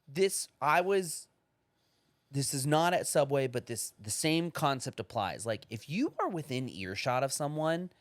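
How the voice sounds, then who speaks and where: A man co-hosting a podcast, ranting in casual chat, profane and animated as he acts out other people. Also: a little high, dry recording. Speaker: podcast co-host.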